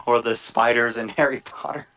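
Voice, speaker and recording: A man's voice: medium pitch, steady tone, moderate pace, fairly bright tone. A man playing a tabletop game, chatting casually and describing his character. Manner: chatty, laughs and trails off. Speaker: player.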